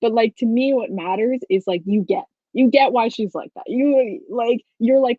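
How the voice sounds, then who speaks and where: A woman's voice: fairly high pitch, moderate pace, darkish tone, no echo. Chatty woman author on dull lo-fi call audio. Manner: chatty, lots of "like", laughs while explaining. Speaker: author guest. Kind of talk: casual video-call interview.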